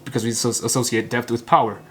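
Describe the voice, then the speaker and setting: Soft music plays behind a man from Vietnam as he repeats a recorded talk phrase by phrase, line by line. He is an English learner and channel host whose native tongue is Vietnamese, and his clipped, halting phrases often break off and restart. His medium-pitched voice is fairly bright, with a flat delivery.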